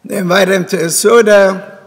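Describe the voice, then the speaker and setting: In a reverberant synagogue hall, a rabbi with a high, steady voice gives a sermon at a normal speed. He tells a parable, voicing the characters' words himself.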